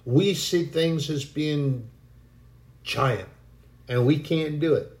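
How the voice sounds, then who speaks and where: A man's voice: fairly high pitch, slow pace. Earnest preacher man in an echoey room. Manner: earnest, animated preaching with sudden bursts of acted panic. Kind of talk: sermon.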